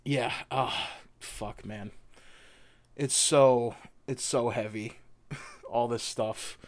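A man's voice: mid-range voice, steady tone, drawn-out words, no room sound. A man co-hosting a podcast, loose and chatty, swearing casually as he breaks down a video game. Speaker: podcast co-host.

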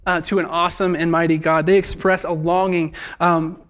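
Earnest high-voiced man preaching. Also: level tone, fairly bright tone. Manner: earnest, halting, many "like" fillers and restarts. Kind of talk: sermon. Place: church.

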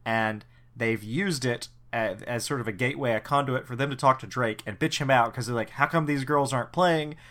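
A man with a bright, forward voice trades casual banter as a podcast co-host. He is wry and sardonic, and he swears freely as he picks apart a show's plot. He speaks at a middle pitch with an easy, offhand manner. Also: brisk, hardly any pauses. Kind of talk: casual episode recap chat.

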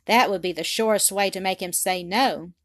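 A woman's voice: mid-range voice, moderate pace, a bit bright, dry recording, clean studio sound, natural voice. A woman reading aloud voices a dutiful little girl who speaks earnestly and politely.

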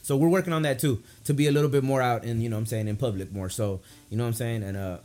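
A man's voice: medium pitch, fairly even intonation, very fast, mellow. A man hosting a casual podcast, laid-back and swearing freely, repeating "you know what I'm saying". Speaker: podcast host.

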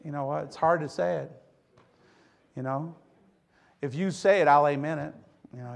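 A middle-aged man preaching a sermon with a gravelly edge and a slightly high pitch. He mixes scripture with folksy jokes about his own life and speaks straight to the congregation. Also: moderate pace, pauses often. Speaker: pastor.

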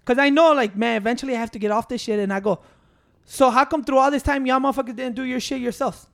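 A man's voice: very high voice, steady tone, quick pace, vocal fry, a bit bright. A man telling stories in casual chat, rambling and profane. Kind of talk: casual chat, mixing Spanish and English.

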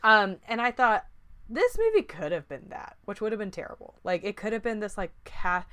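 A woman's voice: mid-range voice, very animated, normal speed, fairly bright tone, clear, resonant tone. A woman in casual chat about a movie, chatty and loose, with lots of fillers and restarts.

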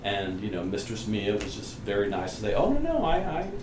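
A man's voice: on the low side, wildly swooping pitch, a little fast. A man telling blunt, profane stories on a podcast as a guest, laughing as he goes. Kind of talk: casual storytelling. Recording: echoey room with clear noise.

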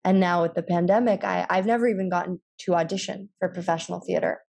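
Young woman, earnest and measured, vocal fry, low pitch. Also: steady tone, a little mellow. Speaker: actress, guest. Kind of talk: casual conversation.

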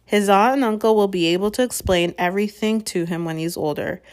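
A woman's voice: medium pitch, brisk, a little mellow, a little hiss or hum, lightly acted. A woman reading aloud, voicing a wise old male wizard who speaks heavily, firmly and seriously. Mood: grave. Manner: heavy, firm, serious.

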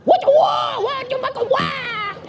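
A preacher doing a shouted impression of a rock singer's shrill, strained screech. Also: unhurried, some chatter behind. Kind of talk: comic impression within a sermon.

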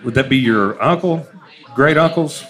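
A man's voice: medium pitch, normal speed, a bit bright. A man hosting a podcast interview, asking questions in an easygoing way with lots of fillers. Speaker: podcast host. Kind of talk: casual interview.

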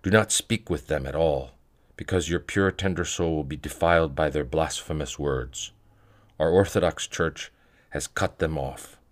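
A man reading spiritual letters aloud in a measured, reverent way. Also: extremely low pitch. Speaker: podcast reader of monastic letters.

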